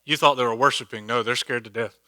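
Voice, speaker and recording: A man teaching an informal Bible study, animated and chatty, acting out quoted speech with humor and often checking in with his listeners. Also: mid-range voice, fast talker, no room sound. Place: church meeting room.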